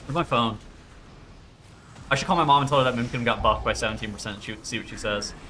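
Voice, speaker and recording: A man's voice: medium pitch, fast talker, sharp tone, slight background noise. A man streaming live, chatting casually in a profane, rambling way.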